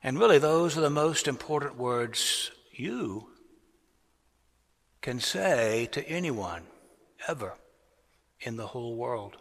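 A man preaching a sermon as a pastor, deliberate and rising to strong emphasis on key words. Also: mid-range voice, animated. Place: large cathedral. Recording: long cathedral reverb.

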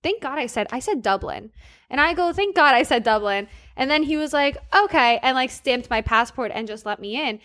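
An American woman telling stories in casual chat as a podcast co-host, animated and laughing often. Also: sits high, fairly quick, dry recording, clean studio sound. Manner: animated storyteller, laughs often, quotes herself.

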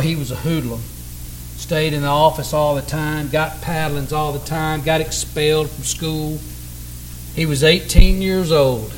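A man preaching from the pulpit, his voice sitting high and swinging between loud cries and near-whispers. A faint hum runs underneath the church recording. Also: rough recording. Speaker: pastor. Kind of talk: sermon. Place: church sanctuary.

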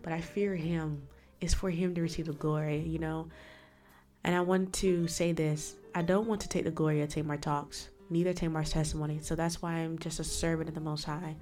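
A woman hosts her own faith podcast and talks on her own in a slightly low voice. She preaches with emphasis, firing off questions and then answering them herself. Faint music plays quietly under her voice. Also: steady tone, moderate pace. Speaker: podcast host. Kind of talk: solo faith podcast talk.

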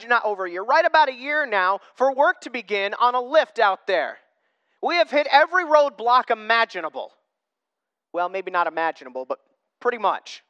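A woman's voice: a little high, fairly bright tone, no echo. A woman giving a Bible study talk, earnest but breaking into joking asides and correcting herself mid-sentence. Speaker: Bible teacher.

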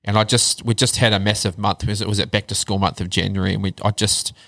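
Thirties New man, low-pitched and candid, swears casually, dry close mic. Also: little pitch movement, fast talker, vocal fry, a bit bright, no room sound. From New Zealand. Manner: candid storytelling, swears freely, drops to a low murmur on hard parts. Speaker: guest. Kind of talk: casual chat.

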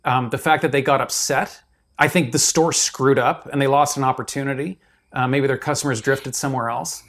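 A man's voice: mid-range voice, fairly even intonation, a little fast, a bit bright. A man who is an author, a guest in a casual interview who speaks emphatically and restarts his sentences often.

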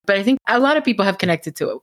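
A woman from Miami with a Miami accent, an author chatting in an interview, talking fast and laughing often. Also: medium pitch, expressive. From Miami, Florida. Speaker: author guest. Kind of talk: casual interview chat.

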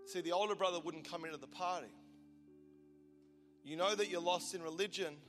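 Man, 40s, passionate preacher, high bright tone, hushed to loud, big church hall reverb. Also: brisk. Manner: impassioned, swinging from loud declaration to hushed intimacy. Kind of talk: sermon. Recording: large hall reverb with soft music behind.

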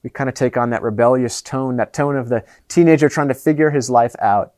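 A man preaching a sermon as pastor, earnest, moving between raised and hushed delivery. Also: mid-range voice, a little fast.

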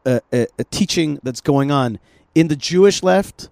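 A man hosting a casual podcast conversation, animated, often repeating himself and restarting his sentences. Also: fairly high pitch, moderate pace, gravelly, dry recording. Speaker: podcast host. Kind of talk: casual political chat.

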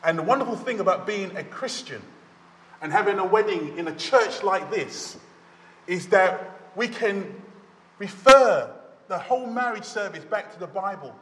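In an echoey church hall, a male pastor gives a wedding sermon as emphatic storytelling, stretching some phrases out slowly. His voice is high, expressive, and a little bright.

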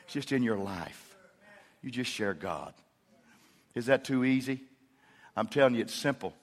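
A middle-aged man preaching a sermon, with folksy storytelling that swells into loud, emphatic preaching. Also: medium pitch, lively intonation, normal speed. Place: church sanctuary.

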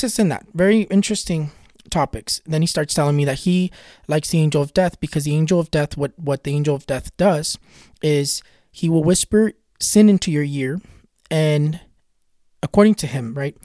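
A man with a fairly high voice tells a personal eerie story in a casual, earnest way. He repeats himself to build suspense and keeps retelling what was said. The sound is dry and close. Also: moderate pace, dark tone, dry recording. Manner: earnest, retells dialogue with many "he goes" quotes. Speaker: spiritual storyteller and tarot reader.

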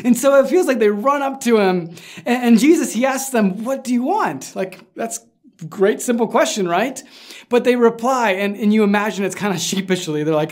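A pastor preaching in a relaxed, conversational way, more like chatting than lecturing. The delivery tells the story plainly and slips into acting out what the people in it say. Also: mid-range voice, moderate pace. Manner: informal storytelling, acts out quoted lines. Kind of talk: conversational sermon.

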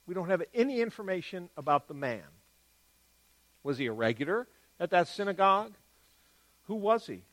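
Man, Bible teacher, slightly high voice, explanatory, emphatic on key words, quick then slow phrasing. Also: very animated, a bit bright.

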